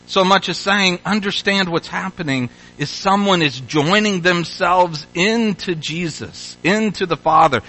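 A man's voice: high voice, measured pace, hardly any pauses, bright, forceful tone, rough recording. A man preaching a sermon as pastor, emphatic and repeating his key phrases.

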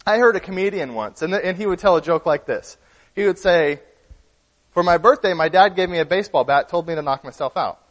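A man's voice: high-pitched, brisk, long reverb tail, lo-fi sound. A man preaching a sermon in an earnest way, often restarting and repeating words as he explains.

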